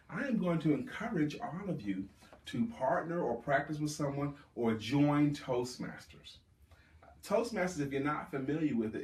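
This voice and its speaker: A man coaching a live audience on sales, speaking with emphatic, drawn-out stress on key words. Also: mid-range voice. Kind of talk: live sales workshop talk. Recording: roomy, distant mic.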